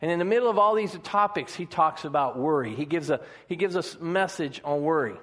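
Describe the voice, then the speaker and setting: A man's voice: fairly high pitch, animated, brisk, a bit bright. A man preaching a conversational sermon, mixing humor with earnest encouragement. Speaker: pastor.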